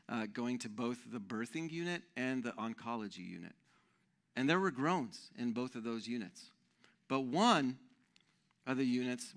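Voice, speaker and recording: A man in his thirties preaching a sermon as pastor, conversational and animated, often checking in with the room. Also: medium pitch.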